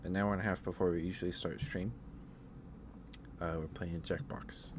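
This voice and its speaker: A man streamer ending his stream, talking softly and rambling with fillers, his throat dry and his voice wearing out. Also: deep voice, steady tone, moderate pace, background noise. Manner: soft-spoken, rambling with fillers. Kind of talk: end-of-stream chat. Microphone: headphones and desk mic.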